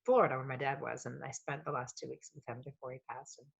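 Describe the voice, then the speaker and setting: A woman with a notably low voice tells long personal stories with animated, emotional energy. She swears freely and rambles from one thought to the next. The tone is relaxed and conversational, like a podcast chat. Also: quick pace, gravelly, slightly rough. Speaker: podcast guest, coach. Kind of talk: casual storytelling conversation.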